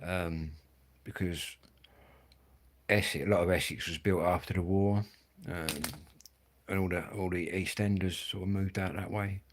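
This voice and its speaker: A man's voice: low-pitched, steady tone, a little slow, pauses often. Sweary Kentish man chatting casually. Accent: Kent. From England. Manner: swearing, rambling, blokey slang. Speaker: livestream host. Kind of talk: casual chat with viewers.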